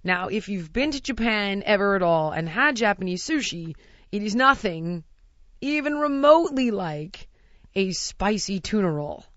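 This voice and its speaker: An American woman telling a lively, laughing anecdote in casual chat. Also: mid-range voice, normal speed, no echo, dull audio. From United States.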